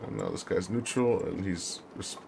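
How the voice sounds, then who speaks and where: Deep, gravelly man reading a game. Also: a little mellow, a little hiss or hum. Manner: slow, deliberate reading, apologetic chatty asides. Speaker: gamer. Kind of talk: reading a story game aloud with asides.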